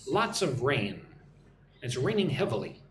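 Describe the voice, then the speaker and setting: An American man teaching English in a live online lesson, repeating example phrases slowly and clearly for learners. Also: medium pitch, big pitch swings, roomy sound, a crowd in the background. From United States. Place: at home.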